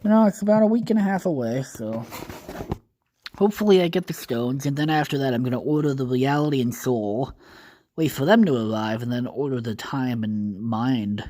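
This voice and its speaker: A man talks alone into his podcast mic in a loose, wandering monologue. His voice has a mellow, soft-edged tone. He swears freely and fills the gaps with "uh" and "like.". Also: mid-range voice, moderate pace. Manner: rambling, casually profane, thinks aloud with fillers. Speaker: podcast host. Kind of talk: casual solo podcast monologue.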